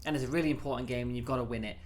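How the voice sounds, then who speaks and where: A man's voice: medium pitch, rapid-fire. A young man co-hosting a casual podcast, chatting and asking follow-up questions. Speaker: podcast co-host. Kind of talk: casual chat.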